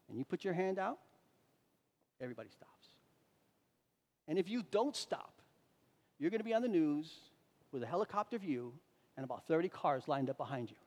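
A man preaching a sermon as a pastor, swinging between loud emphatic lines and quiet asides. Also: on the high side. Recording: reverberant hall.

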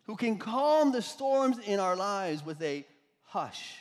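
High-voiced preaching man in a reverberant hall. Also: big pitch swings, slow. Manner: dynamic preaching, swings from loud to hushed. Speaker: pastor. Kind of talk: sermon.

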